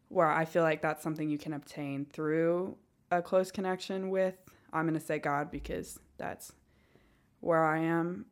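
Low-pitched and speaking in a Northwest Arkansas accent, this woman makes casual podcast chat, thinking out loud with plenty of fillers and frequent giggles.

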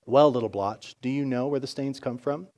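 A man voicing a kind, calm king who speaks softly and reassuringly. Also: medium pitch, normal speed, close to an everyday voice. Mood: gentle. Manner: soft, gentle, reassuring.

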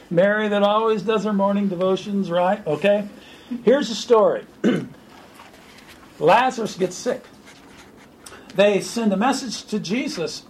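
A man preaching an informal sermon to a small group, animated and joking. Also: sits high, slight background noise, poor audio. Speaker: pastor.

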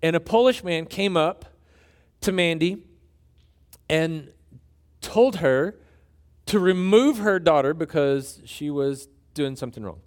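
A man preaching a sermon as a pastor, telling a story with animated, joking, emphatic delivery. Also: on the high side, slow pace, pauses often.

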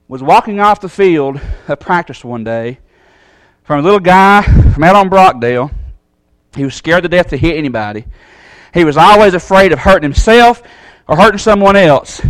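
Southern guy preaching, high voice that swoops all over, dry close sound. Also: no echo. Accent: Southern American. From Southern United States. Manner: folksy, animated, acts out quoted voices. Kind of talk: sermon.

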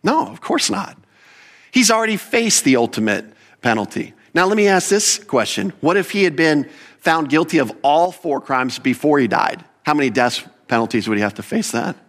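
A man preaching a sermon as pastor, with animated emphasis, rhetorical questions and quick self-corrections. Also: a little high.

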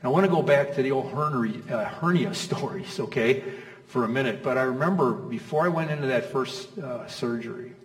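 A middle-aged pastor speaks a little fast in a medium-pitched voice, preaching a casual, chatty sermon packed with rhetorical questions and "okay?" and "you know?" check-ins. The recording comes from a far-off mic in an echoey hall.

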